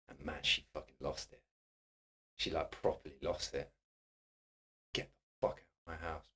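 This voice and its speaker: A man, a personal trainer and podcast guest, telling a casual anecdote with lots of swearing and laughter. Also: a little high. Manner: animated, swearing, laughing storyteller.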